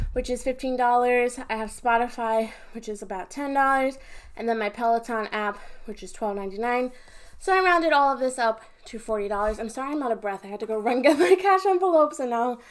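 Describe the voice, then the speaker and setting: Chatty young woman, slightly high voice. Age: 20s. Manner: chatty, upbeat, talks while counting cash. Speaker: budgeting vlogger. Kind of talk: casual chat to camera.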